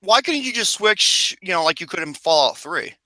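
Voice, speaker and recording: Podcast co-host, male, crude and teasing, very bright and sharp tone, dry sound. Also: sits high, sing-song, moderate pace, no room sound. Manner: profane, rowdy and teasing. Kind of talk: casual chat.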